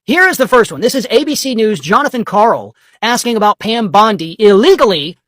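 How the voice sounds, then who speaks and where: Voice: medium pitch, animated, brisk, a bit bright, dry recording. A political commentator delivering a scornful, mocking, profane monologue.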